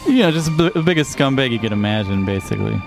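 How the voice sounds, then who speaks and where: A man's voice: mid-range voice, lively intonation, fast talker, creaky. Guy co-hosting, casual joking chat, loose and playful, guitar music going behind him. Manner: joking, playful, tries silly voices. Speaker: co-host.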